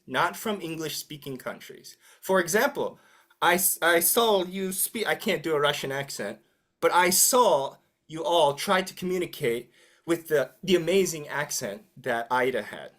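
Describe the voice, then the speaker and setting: A teacher running an interactive online class, joking and asking the students questions. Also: medium pitch. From United States. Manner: lively, teasing, asks the class questions. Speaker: English teacher.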